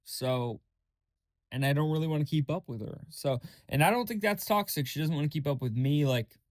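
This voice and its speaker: A man's voice: fairly quick, no room sound, studio quality. A young man hosting his own podcast, rambling candidly in a casual journal-style monologue with lots of fillers and swearing. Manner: mimics others in a high mocking voice. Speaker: podcast host.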